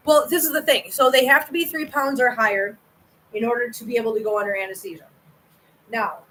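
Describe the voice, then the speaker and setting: A woman's voice: on the high side, fairly bright tone, distant mic, slight background noise, low-quality recording. A woman hosting a casual livestream from home, chatting with viewers in a rambling way and stumbling over her words. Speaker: cat channel host.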